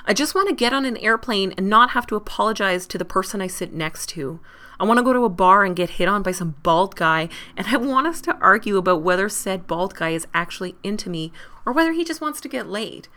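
A woman's voice: mid-range voice, animated, brisk, sharp tone. A woman voicing a frustrated, hurt young woman who insists on her own decisions, earnest and pleading.

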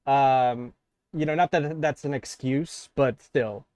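A man's voice: medium pitch, slow, darkish tone, smooth, no room sound. Dry-sounding man, casual swearing. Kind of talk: casual chat.

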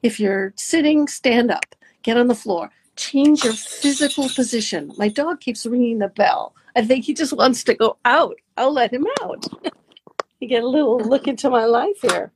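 A woman coaching listeners through a guided talk, animated and swooping her pitch up and down to demonstrate. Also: normal speed, slight background noise. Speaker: dating and mindfulness coach.

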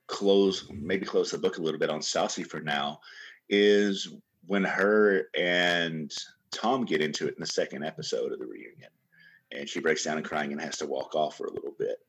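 A man co-hosting a podcast, talking in a laid-back, measured way. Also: deep voice, husky. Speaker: podcast co-host. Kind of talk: casual chat.

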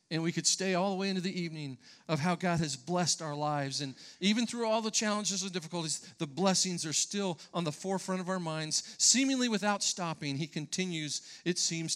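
A man's voice: high voice, sharp tone. A pastor preaching a sermon to his congregation, emphatic and conversational, often repeating words and asking the listeners questions.

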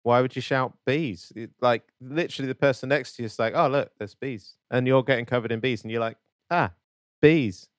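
A man's voice: medium pitch, brisk, no room sound, clean studio sound. A man co-hosting a comedic podcast chat, asking rambling, incredulous questions and laughing often.

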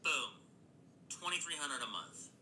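Wry, very bright-voiced man. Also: fairly high pitch, lively intonation, unhurried, slight background noise, rough recording. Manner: sarcastic, wry reading of a rental listing. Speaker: social media creator. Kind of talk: comedic video commentary.

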